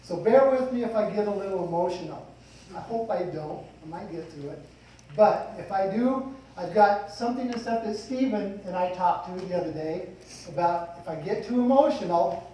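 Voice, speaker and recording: A man's voice: high-pitched, expressive, normal speed, warm tone. Folksy man giving a eulogy in an echoey hall. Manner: folksy, rambling, with light humor. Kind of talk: funeral eulogy speech. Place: funeral hall. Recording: echoey hall, distant mic, faint noise.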